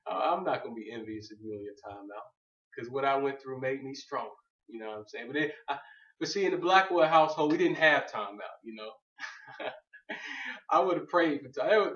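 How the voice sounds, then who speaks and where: A man's voice: mid-range voice, fairly bright tone. A man gives a loose, joking faith talk to a group and wanders off on tangents. His voice is heard from a distance in an echoey room. The sound is dull. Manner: keeps saying "you know what I'm saying". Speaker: speaker on faith. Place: room with an audience.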